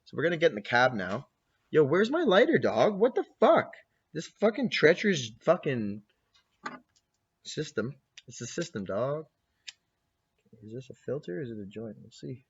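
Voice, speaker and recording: A man's voice: medium pitch, very animated, moderate pace, pauses often, highs cut off, a little hiss or hum. A man in his twenties hosting a casual podcast, rowdy and laughing, swearing a lot. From Canada. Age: 20s. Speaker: podcast host. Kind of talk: profane casual chat to camera.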